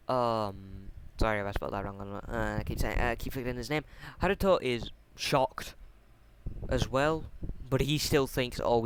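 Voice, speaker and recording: A man casually retelling a fan story, hesitant and full of ums and restarts, talking into a computer mic on a voice chat. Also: medium pitch. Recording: noisy home mic recording.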